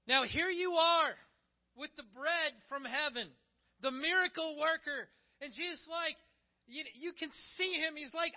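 A man's voice: extremely high pitch, normal speed. A male pastor preaching a sermon in a conversational way, acting out the quotes he tells. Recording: dull, muffled recording.

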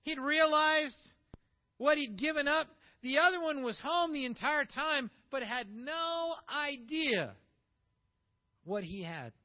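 A man with a high voice delivers a sermon, swinging from emphatic, rising peaks to quiet asides. The recording sounds a bit dull and muffled. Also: lively intonation, slow pace. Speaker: pastor.

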